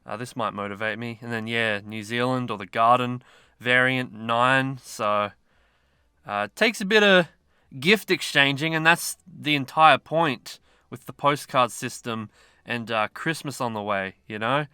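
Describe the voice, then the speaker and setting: A man talks through a mobile game in a loose, rambling, self-mocking way. His voice is bright and forceful with a smooth, resonant clarity. The sound is dry and close. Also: mid-range voice, a little slow, dry recording. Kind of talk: casual gameplay commentary.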